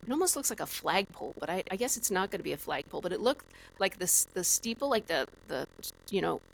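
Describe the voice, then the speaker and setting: A woman guest on a podcast, telling a story in a lively, animated way with lots of "like" fillers. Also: fairly low pitch, quick pace, vocal fry, a little hiss or hum, poor audio. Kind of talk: casual storytelling.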